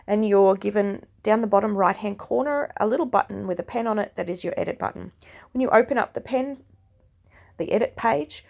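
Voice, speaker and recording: A woman in her thirties, hoarse and croaky from a cold, with a gravelly edge to her voice. She explains a photo-editing tutorial in a chatty, self-deprecating way, one step at a time. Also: mid-range voice, a little mellow. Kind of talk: casual screen-recorded tutorial.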